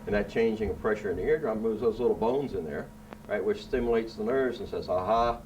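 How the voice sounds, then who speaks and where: A man with a fairly low voice teaches children about science in a relaxed, playful tone. He keeps checking in with a quick "right?" as he explains. A faint hiss of background noise sits under him. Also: highs cut off. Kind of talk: casual classroom explanation. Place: indoor room.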